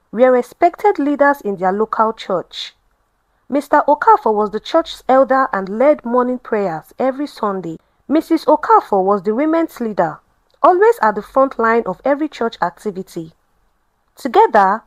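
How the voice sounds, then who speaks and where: Lively woman storyteller with a high voice. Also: no echo. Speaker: storyteller and channel host. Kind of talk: scripted story narration.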